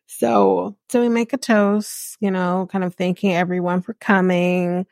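A woman's voice: fairly low pitch, level tone, unhurried, vocal fry, darkish tone, no echo, studio quality. A woman hosting a podcast, recapping a reality show in casual gossipy chat, laughing and mimicking the people she talks about.

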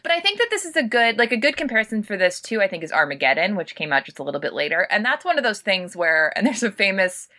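A woman's voice: medium pitch, very animated, quick pace, few pauses, pushed and bright. A woman discussing a movie in casual podcast chat, wry and laughing often.

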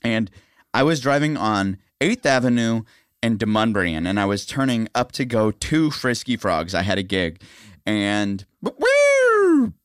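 A man hosting a podcast, a musician telling an anecdote in a casual, animated way. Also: fairly low pitch, normal speed, clean tone, no room sound, studio quality. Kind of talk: casual storytelling chat.

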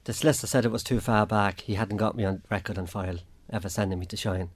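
A man's voice: on the low side, fairly even intonation, quick pace. An Irish man giving a plain spoken account as an interview guest, acting out what others said to him. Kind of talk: personal account in a radio interview.

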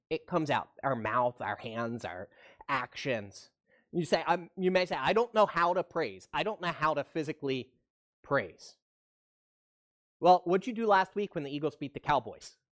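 A man preaching to an online congregation in a relaxed, conversational way, his voice sitting a little higher than most men's. He keeps asking his viewers questions and urging them to answer. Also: unhurried. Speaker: pastor. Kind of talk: livestreamed sermon.

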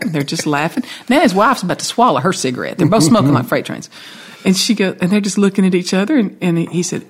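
A woman's voice: on the low side, fast, breathy edge. A woman songwriter with a Southern accent, telling a long anecdote in an interview and acting out the voices of the people in it. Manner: animated storyteller, acts out quoted voices. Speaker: songwriter guest. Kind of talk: storytelling interview.

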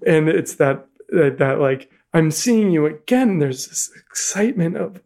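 A man being interviewed, telling about his dreams in an animated way and acting out what he feels. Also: a little high, normal speed, gravelly. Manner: animated, acts out quoted feelings. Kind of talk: animated personal recollection.

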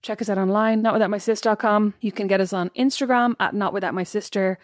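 A young woman co-hosts a relaxed chat, rattling along at a brisk pace. She tells stories about herself with a self-mocking humor. Her voice is close and dry, with no room sound. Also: mid-range voice, dry recording. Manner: chatty, self-mocking storyteller. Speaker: podcast co-host. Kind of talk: casual chat.

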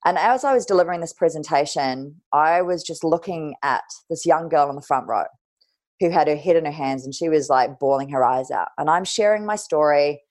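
A woman's voice: low voice, a little fast, darkish tone. A young woman, a guest on a podcast, telling a personal story in a candid, casual way. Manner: candid, casual, swears lightly.

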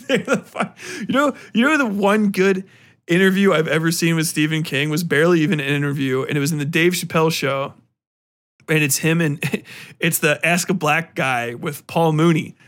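A man's voice: a little high, normal speed, fairly bright tone. A man hosting a podcast, casually reviewing a book in a rambling, profane way, laughing often and acting out quotes. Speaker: podcast host.

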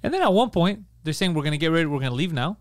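A man, a podcast co-host, telling a story in casual comedic chat, fast and profane as he rants. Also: a little high, sing-song, no echo, studio quality.

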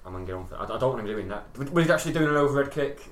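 A man's voice: medium pitch, expressive, rapid-fire. A man hosting a casual podcast, asking his guests questions and reading a sponsor message. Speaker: podcast host. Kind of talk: casual chat. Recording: echoey room with faint ambience.

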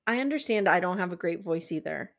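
A woman hosting a casual recap podcast, talking in an animated, sarcastic way and mimicking people in exaggerated voices. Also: lowish voice, quick pace.

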